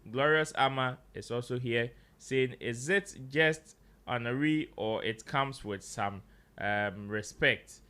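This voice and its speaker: A man's voice: mid-range voice, slow, sharp tone, clean tone. A Ghanaian man hosting a casual panel chat, mixing English and Twi and reading out viewer comments. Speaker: show host.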